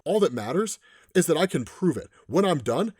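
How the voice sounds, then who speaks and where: A bullying male crime boss, read by a man, sneering and full of profane threats. The voice rises and falls with lively swings, recorded close and dry. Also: fairly high pitch, normal speed, breathy edge, dry recording. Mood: sneering menace.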